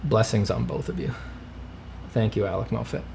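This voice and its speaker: A man's voice: lowish voice, lively intonation, normal speed, gravelly, a little mellow, slight background noise. A man hosting a casual livestream, answering viewer questions and thanking donors with dry, self-mocking humor. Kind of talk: casual livestream chat, reading donations.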